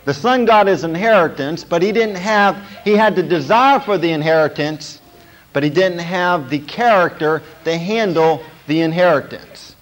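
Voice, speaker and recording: Man, pastor, sermon, emphatic, repetitive, slightly high pitch. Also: moderate pace, poor audio. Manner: emphatic, repetitive preaching with frequent "okay?" checks.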